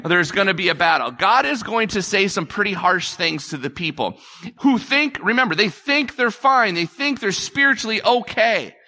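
A man's voice: high-pitched, lively intonation, normal speed, bright, forceful tone. A male pastor preaching a conversational sermon, repeating phrases and acting out quotes.

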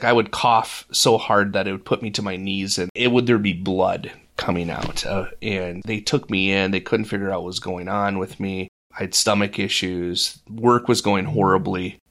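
A man's voice: on the low side, normal speed, fairly bright tone. A man co-hosting a faith podcast, telling a personal story in earnest and acting out the voices of others. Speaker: podcast co-host. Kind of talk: casual faith discussion.

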